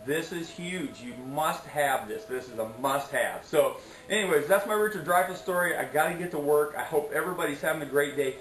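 A man's voice: on the high side, a little fast, a bit bright, echoey room, poor audio. A middle-aged man telling a story in a casual vlog, chatty and preachy, often tossing in "okay?" and "anyways". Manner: preachy, motivational asides. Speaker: vlogger.

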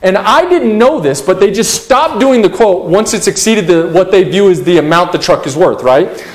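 High-voiced animated young preacher man. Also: moderate pace. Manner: animated storytelling with humorous asides; acts out his own past rants. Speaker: pastor. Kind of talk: sermon.

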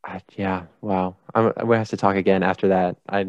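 A man's voice: low voice, level tone, normal speed, a little mellow, no room sound. A male podcast host chatting casually, joking and laughing as he rambles. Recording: dull lo-fi dry podcast mic.

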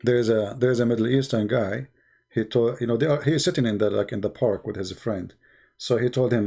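Gravelly-voiced mocking male host. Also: medium pitch, fairly quick, mellow. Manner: mocking, blunt, loose grammar. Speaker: debate show host. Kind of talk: live call-in debate.

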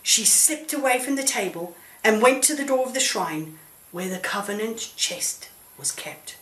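A woman tells a children's Bible story with gentle, coaxing questions for her puppet. She speaks slowly, with a lively, rising and falling voice. The recording has a roomy echo. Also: on the high side.

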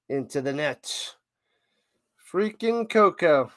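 Excitable man calling tennis play-by-play. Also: high voice, unhurried, no room sound, studio quality. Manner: excitable, hums and chants between points. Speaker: live-reaction streamer doing play-by-play. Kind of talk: casual live play-by-play commentary.

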